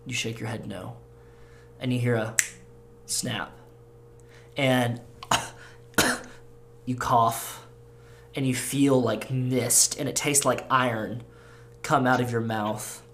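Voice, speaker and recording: A man as game master, narrating a tabletop role-play scene in a slow, halting, descriptive way. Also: mid-range voice, steady tone, a bit bright, a little hiss or hum.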